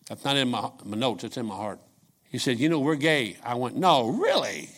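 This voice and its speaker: An older man preaching a sermon, telling folksy stories and swinging from quiet asides to shouts. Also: medium pitch, very animated, moderate pace. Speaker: pastor.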